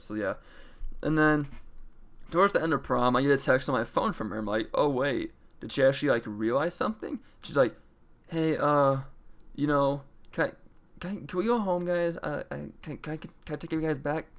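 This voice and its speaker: A man's voice: mid-range voice, clear, resonant tone. Casual young man telling a story. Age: young adult. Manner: casual, profane, chatty retelling; acts out quoted lines in varied voices.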